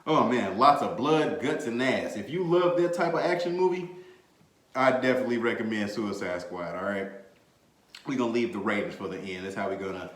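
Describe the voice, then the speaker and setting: A man hosting a podcast, chatting casually about a movie in an animated, slangy way, laughing and swearing freely. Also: fairly low pitch, a little fast. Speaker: podcast host. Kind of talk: casual movie review chat. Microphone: desk mic, bumped at times. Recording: echoey room.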